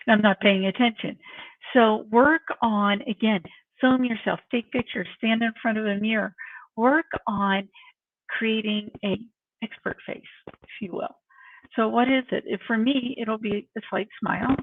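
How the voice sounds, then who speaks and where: A woman's voice: on the high side, moderate pace, no room sound. A middle-aged woman giving workplace tips in a chatty, self-mocking way and acting out examples as she goes. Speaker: workplace coach. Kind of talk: casual tips talk to camera. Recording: tinny phone-like sound from a distant mic.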